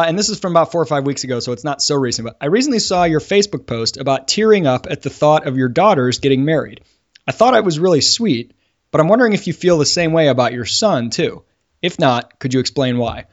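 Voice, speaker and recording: A man hosting a podcast in casual chat, talking quickly and laughing easily. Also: fairly high pitch, animated. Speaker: podcast host. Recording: dull lo-fi sound.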